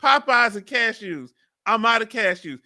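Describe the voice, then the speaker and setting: A man in his fifties from Texas, a veteran with a Southern accent, runs a casual live stream where he reads viewer comments aloud. His high-pitched voice is bright, forceful and animated at a moderate pace, and he's chatty, laughing often and dropping drawling asides.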